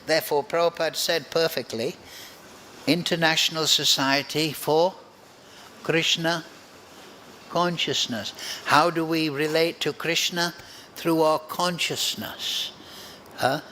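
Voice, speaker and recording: A man teaching a devotional scripture class, his voice sitting a little high for a man. He speaks very slowly and deliberately, leaving room between phrases. A faint hum of background noise lies under the recording. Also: steady tone, sharp tone. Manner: slow, deliberate, reflective. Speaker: spiritual teacher.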